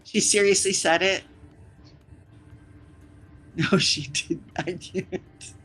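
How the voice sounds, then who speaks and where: Streamer rambling at chat, teasing, loud bursts then whispery asides, pretty bright voice. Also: mid-range voice, steady tone, takes it slowly, a little hiss or hum, rough recording. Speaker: live streamer. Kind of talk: casual chat with stream viewers.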